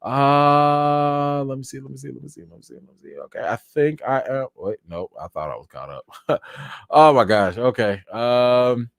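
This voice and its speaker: A man hosting a casual live chat, answering viewer comments in an animated, talkative way, and by now tired, with his voice wearing out. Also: mid-range voice, moderate pace, gravelly, no room sound, studio quality. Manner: animated, chatty, thanks viewers by name. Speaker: live-stream host.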